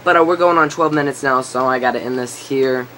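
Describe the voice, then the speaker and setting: A man's voice: medium pitch, a little fast, fairly bright tone, slight background noise. A teenage boy telling a story to camera in a rambling casual way, full of fillers, his voice breaking and cracking now and then. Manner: rambling, lots of filler and restarts. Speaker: vlogger.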